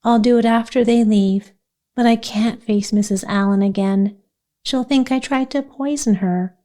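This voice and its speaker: A woman's voice: fairly high pitch, fairly even intonation, measured pace, mellow, natural voice. A woman voicing an imaginative, talkative orphan girl who speaks in a dramatic, pleading way, as in a storybook reading.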